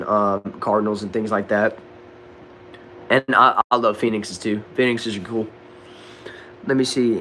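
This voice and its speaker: A young man with a Southern accent from Texas, casually answering chat questions on a livestream in a relaxed, drawling way. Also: medium pitch, slight background noise. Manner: laid-back, drawling, says bro and dude a lot. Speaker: livestream host reading chat. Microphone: desk microphone.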